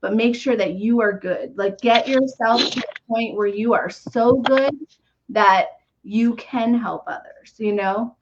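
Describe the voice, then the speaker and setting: A woman hosting a live numerology reading, talking gently and earnestly with soft fillers and small laughs. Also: a little high, unhurried, noisy background. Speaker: numerology reader and podcast host. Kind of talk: live reading on a video call. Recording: dull lo-fi stream audio.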